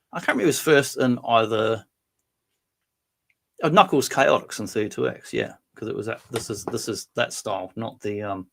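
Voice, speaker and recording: Casual Aussie guy hosting a toy live stream, lowish voice, rambling and chatty. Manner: rambling and chatty, answers viewer comments.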